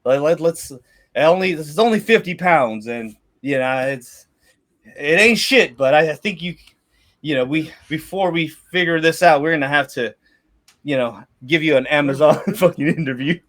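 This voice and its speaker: A man's voice: a little high, moderate pace, fairly bright tone, close to an everyday voice. A man voicing a brash middle-aged mercenary leader who swaggers and talks crude. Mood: mocking.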